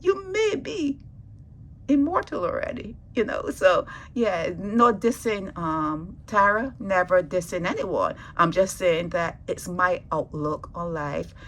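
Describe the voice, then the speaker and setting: A woman vlogger delivering an impassioned monologue to her viewers, preachy and emphatic, repeating her points and swinging between loud stresses and hushed asides. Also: lowish voice, slow, few pauses, a little hiss or hum, rough recording.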